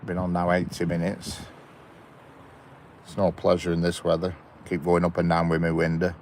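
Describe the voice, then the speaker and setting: A man's voice: deep voice, monotone, normal speed, darkish tone, slight background noise. A man in a parked car chatting casually on a live stream, greeting viewers by name and chuckling. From England. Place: inside a parked car by a railway.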